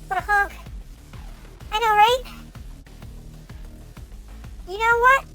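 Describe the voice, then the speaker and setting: Very high-pitched animated young woman streamer. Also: takes it slowly, faint music behind, low-quality recording. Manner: animated, reads lines aloud with stumbles and excited outbursts. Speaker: VTuber streamer. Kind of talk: reading a game's text aloud with commentary.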